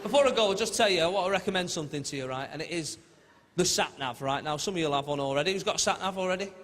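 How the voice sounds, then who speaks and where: A man's voice: high voice, racing, noisy background. A man doing live stand-up comedy on a theatre stage, telling chatty stories and tagging his lines with "right?". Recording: theatre reverb with loud audience laughter.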